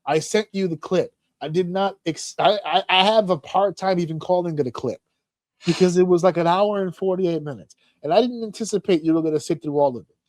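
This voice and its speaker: A man's voice: sits high, brisk, no echo. A man hosting a podcast in casual chat, telling stories animatedly and swearing often. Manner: animated, profane storytelling with acted-out shouts. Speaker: podcast host.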